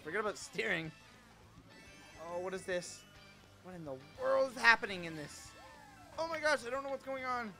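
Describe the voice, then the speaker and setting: Excitable, animated man streaming a racing game. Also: high-pitched, normal speed, pauses often, faint music behind. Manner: excitable, teasing, loud exclamations. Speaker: gaming streamer. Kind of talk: casual gaming stream chat.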